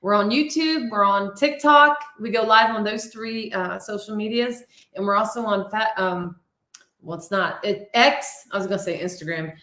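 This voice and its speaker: A woman, a podcast guest, chatting in a friendly, thankful, slightly halting way. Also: medium pitch, bright, forceful tone. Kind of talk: casual chat. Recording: echoey room.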